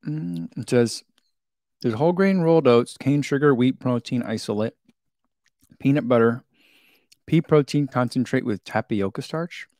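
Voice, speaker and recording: A man's voice: medium pitch, measured pace, pauses often, a little mellow, no room sound, clean studio sound. A man chatting casually as he unboxes and tastes a snack, giggling now and then and talking between bites. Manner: chatty, giggly, talks while chewing. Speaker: vlogger reviewing a snack.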